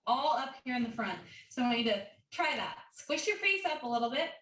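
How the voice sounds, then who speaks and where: A woman's voice: a little high, expressive, a little fast, fairly bright tone. A woman guest voice coach teaching an online singing lesson in an upbeat way, demonstrating odd sounds. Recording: roomy, distant mic with faint noise.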